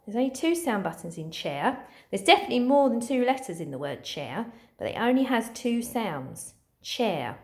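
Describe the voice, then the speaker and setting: Teacher lady doing phonics for little kids, slow and cheery, sounds out each letter, bit high voice. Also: very animated. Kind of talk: recorded lesson for children.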